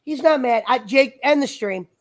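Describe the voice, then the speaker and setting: Very high-voiced man, rambling and profane. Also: moderate pace. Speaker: stream guest. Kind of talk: casual livestream chat.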